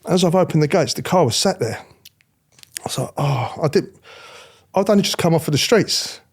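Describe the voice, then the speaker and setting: This former royal protection officer, a middle-aged man, speaks at normal speed with a voice on the high side and slightly rough. In a candid storytelling interview he stays blunt and animated, swearing freely and imitating the people he talks about.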